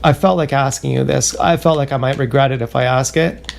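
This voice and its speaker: A man livestreaming a rambling confessional monologue, halting and self-questioning, circling back over the same words. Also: mid-range voice, steady tone, vocal fry, a little hiss or hum.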